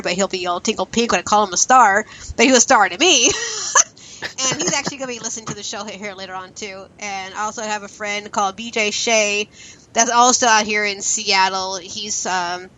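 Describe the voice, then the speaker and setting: Chatty, bright-voiced female radio host. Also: medium pitch, a little hiss or hum, rough recording. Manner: chatty, giggly, reading out the chat room. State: has a cold. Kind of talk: casual radio chat.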